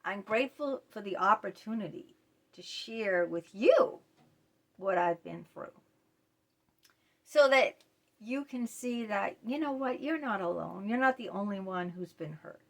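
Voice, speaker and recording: A woman's voice: medium pitch, lively intonation, a little slow, gravelly. Earnest woman vlogger confiding to viewers. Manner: earnest, repeats phrases, speaks straight to viewers. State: voice tight, choked up. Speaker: self-help vlogger. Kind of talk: confessional talk to camera.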